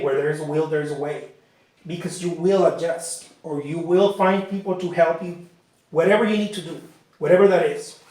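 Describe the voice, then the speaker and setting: A man teaching painting in a casual, rambling way, often repeating himself and saying "you know" while he works. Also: on the high side. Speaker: painting instructor. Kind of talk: casual talk during painting session. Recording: very echoey room.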